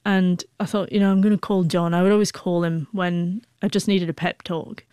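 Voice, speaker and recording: A woman's voice: fairly low pitch, fairly even intonation, normal speed, dark tone, smooth, dry recording, studio quality. A woman in her forties with a stutter, telling an emotional personal story as an interview guest, with frequent sound blocks and restarts. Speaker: guest, author.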